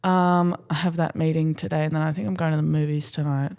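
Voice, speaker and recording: A woman's voice: low-pitched, steady tone, fast talker, a little mellow, smooth. A young woman co-hosting a casual podcast, giggling and acting out quoted lines in a self-mocking way. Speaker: podcast co-host. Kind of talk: casual chat.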